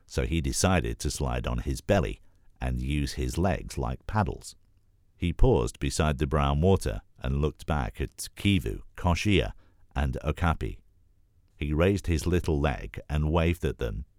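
A man reading a children's storybook aloud in a calm, measured way. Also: rumbling low, dry recording, studio quality. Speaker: narrator.

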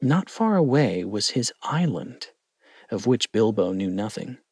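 Slow, lively storybook narrator man. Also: medium pitch, husky, dry recording, clean studio sound. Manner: expressive, lingering storytelling. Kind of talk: storybook reading.

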